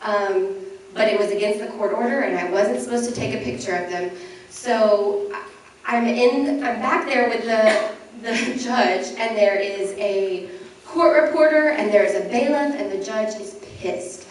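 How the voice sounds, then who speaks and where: A woman's voice: medium pitch, unhurried. A young woman giving a candid, self-deprecating personal talk on stage as a journalist, laughing lightly between phrases. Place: event hall before an audience. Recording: very echoey hall, mic from some distance.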